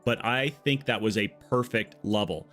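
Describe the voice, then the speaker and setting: A man's voice: on the low side, normal speed, a bit bright, faint music behind. A man streaming a game live, chatty and jokey, greeting and thanking his viewers. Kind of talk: live-stream chat while playing.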